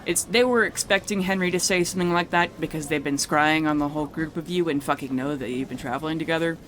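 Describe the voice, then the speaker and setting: A man's voice: fairly high pitch, fast talker, fairly bright tone, slight background noise. A man narrating a tabletop game as game master, casual and rambling, swearing freely.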